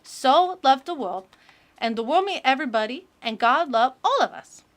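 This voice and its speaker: A sweet, earnest little girl reads a storybook aloud in a sing-song, stumbling way, as a woman puts the voice on. The voice sits fairly high, and it comes out bright and loud. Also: lively intonation. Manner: sing-song, halting, with childlike mispronunciations. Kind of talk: reading a children's book aloud in character.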